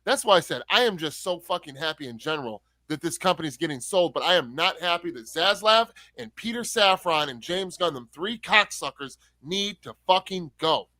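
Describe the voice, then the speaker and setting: A man with a high, bright, forceful voice co-hosts a livestream. He sounds exasperated and swears openly. His sound is dry and close. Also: lively intonation, moderate pace, few pauses, no room sound. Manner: exasperated, swears openly, calls people bro. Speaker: co-host. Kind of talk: heated casual chat.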